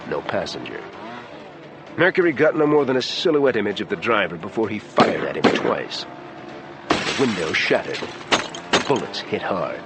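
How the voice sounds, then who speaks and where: A man's voice: on the low side, sing-song, moderate pace, long pauses, background noise. A man reading a thriller audiobook in a taut, dramatic storytelling manner. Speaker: audiobook narrator. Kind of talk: scripted thriller narration.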